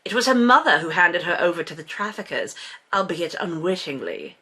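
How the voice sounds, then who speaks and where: A woman's voice: on the low side, very animated, normal speed, bright, forceful tone, husky, full character voice. A woman putting on a brooding posh Englishman. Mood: clipped. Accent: put-on British accent. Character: brooding wealthy English man, first-person narrator. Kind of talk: dramatic reading of a novel.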